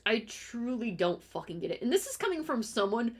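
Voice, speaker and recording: A woman's voice: on the high side, big pitch swings. Profane, exasperated ranting woman streamer. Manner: heated, rapid-fire complaining with restarts. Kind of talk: casual ranting commentary.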